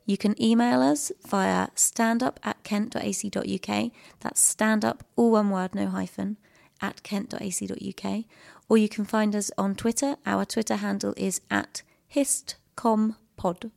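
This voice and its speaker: A woman, an archivist co-hosting a podcast, chatting in a relaxed way and laughing easily. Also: medium pitch, a little slow, gravelly. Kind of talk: casual podcast chat.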